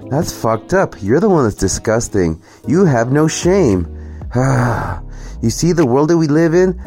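A man's voice: medium pitch, big pitch swings, a little slow, dark tone, soft background music. A man ranting sarcastically and profanely through a reaction commentary video. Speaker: commentary vlogger.

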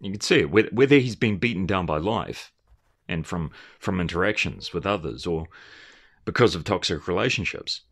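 Earnest man with a lively voice. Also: low-pitched, normal speed, creaky, slightly rough. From Australia. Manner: earnest and emphatic, with repeated restarts. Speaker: commentator. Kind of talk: rambling video commentary.

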